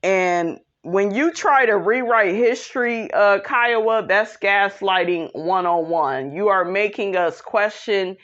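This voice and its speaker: A woman's voice: medium pitch, slow, few pauses, a bit bright, highs cut off. A young woman hosting a casual reality TV recap, opinionated and sassy, who keeps calling her viewers "honey" and speaks. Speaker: recap host.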